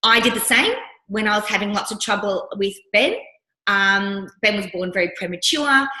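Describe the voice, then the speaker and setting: Animated woman coach. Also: mid-range voice. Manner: animated storyteller who acts out the voices she quotes. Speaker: coach teaching other coaches. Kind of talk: workshop teaching with personal stories. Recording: roomy echo.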